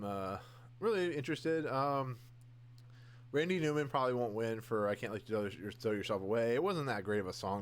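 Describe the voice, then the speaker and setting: With slight background noise behind him, a young podcast host speaks in a fairly low voice. He rambles casually on his own, full of fillers and restarts, gushing over the things he loves and candid about the ones he doesn't.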